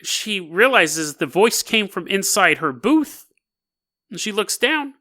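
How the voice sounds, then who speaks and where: A man hosting a podcast, telling a strange tale in a casual, animated way and laughing between lines. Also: high-pitched, slow. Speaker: podcast host. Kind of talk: casual storytelling.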